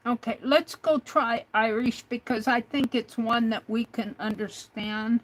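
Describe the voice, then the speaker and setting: A woman hosting a craft livestream talks to a chatbot in a slow, hesitant way, full of little fillers. Her voice sits a bit high. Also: fairly even intonation, poor audio. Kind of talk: casual livestream talk to a chatbot.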